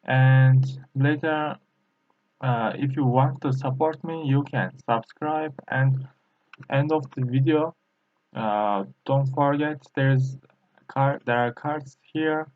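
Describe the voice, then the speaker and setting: A man whose first language is Turkish, teaching a Chinese lesson in slow, halting English full of fillers. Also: medium pitch, fairly even intonation, phone-quality sound. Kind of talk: screen-recorded language lesson.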